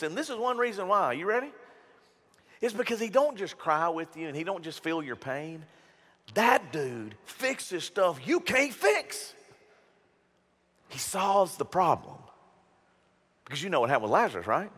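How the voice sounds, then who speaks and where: A man preaching a sermon as pastor, emphatic and animated, with jokes and stories. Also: high voice, normal speed, long pauses, slightly rough, long reverb tail. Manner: animated, emphatic, joking storyteller.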